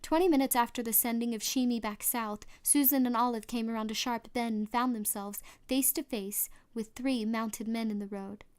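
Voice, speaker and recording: Clear, smooth-voiced woman reading a story. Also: a little high, fairly even intonation, moderate pace, hardly any pauses, a little mellow. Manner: reads steadily with small restarts. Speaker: audiobook reader. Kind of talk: storybook narration.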